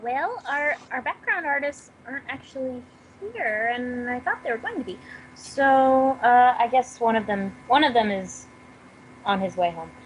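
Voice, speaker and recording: Woman from the crew, kinda high voice, hesitant with lots of uhs. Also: lively intonation, normal speed, a little hiss or hum, poor audio. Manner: hesitant, with fillers. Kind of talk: casual online interview.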